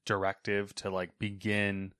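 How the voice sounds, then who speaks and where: Male co-host, deep voice, dry mic, halting and unsure phrasing. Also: completely flat delivery, fairly bright tone, clear, resonant tone, no echo. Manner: hesitant, filler-heavy. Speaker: podcast co-host. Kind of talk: casual podcast chat.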